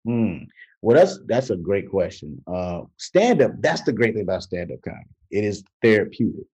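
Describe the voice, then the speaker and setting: A man's voice: on the low side, moderate pace, slightly rough, lo-fi sound. A man, an actor and comedian, telling stories in a casual interview and slipping into voices when he quotes people. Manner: animated, jumps into voices when quoting people, laughs mid-story. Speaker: actor and comedian, podcast guest. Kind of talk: casual storytelling.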